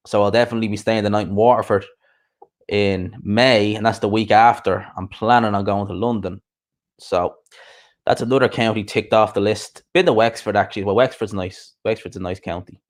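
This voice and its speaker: A man hosting a boxing channel, rambling casually on a live stream as he answers viewer comments aloud. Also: on the low side.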